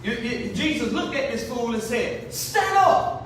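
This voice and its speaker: A man preaching a sermon to his congregation, emphatic and animated. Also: very high-pitched, moderate pace. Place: church. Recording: echoey room from far off, faint noise.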